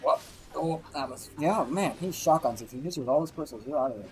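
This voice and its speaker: A man's voice: fairly high pitch, animated, brisk, darkish tone, soft background music, poor audio. A young man streaming live, telling a rambling, profane story while he plays a game. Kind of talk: casual chat while gaming on a live stream.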